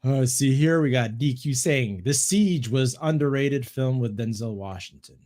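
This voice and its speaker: A man's voice: medium pitch, normal speed, a little mellow. A man co-hosting a casual livestream podcast, chatting loosely and profanely and reading out viewer comments. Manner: loose, profane, reads chat aloud. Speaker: podcast co-host.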